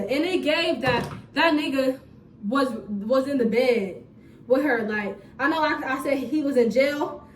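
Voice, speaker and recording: A young woman telling a storytime vlog in a casual, animated, profane way with laughing asides, filmed on a phone. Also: high voice, unhurried, a little hiss or hum. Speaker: storytime vlogger. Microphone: phone camera. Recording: roomy phone recording from a distance.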